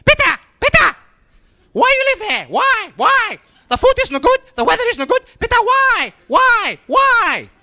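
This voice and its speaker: A man voicing his older Greek mother, shouting repeated pleading questions at her son. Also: very high-pitched, wildly swooping pitch, unhurried, voice pushed up, full character voice. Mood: exasperated. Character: shrill nagging Greek mother, older woman.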